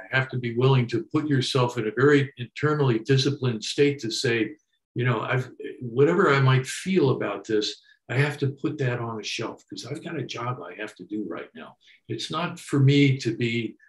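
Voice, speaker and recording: Older man, earnest, roomy video call. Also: medium pitch. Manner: earnest, halting, repeats words as he thinks. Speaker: photographer guest. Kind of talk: candid reflective conversation.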